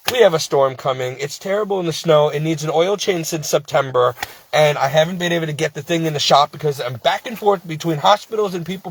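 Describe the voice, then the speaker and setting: A man's voice: on the high side, a bit bright, no room sound. A sleep-deprived man working as a part-time caregiver, venting to camera in a rambling, exasperated, pleading way. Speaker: devout Christian.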